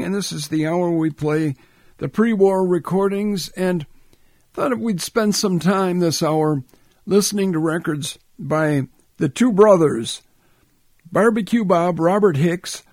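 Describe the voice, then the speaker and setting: High-voiced man hosting a radio show. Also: no room sound, clean studio sound. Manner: relaxed, musing aloud, thinking while talking. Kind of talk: radio music program presenting.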